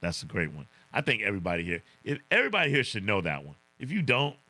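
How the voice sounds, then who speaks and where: Low voiced chill guy on a livestream, bright tone, keeps saying man and laughing. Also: huge pitch swings, fast talker, no echo. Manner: laid-back, chuckles often, says "man" a lot. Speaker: livestream host. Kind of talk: casual livestream chat, reading viewer comments.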